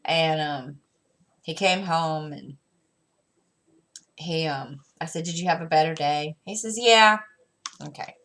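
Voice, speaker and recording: Speaking a little slowly with long pauses, a deep-voiced mother in her thirties who runs a crafting vlog relates a story casually at home. She wanders along with fillers and restarts, voicing both her own lines and her son's.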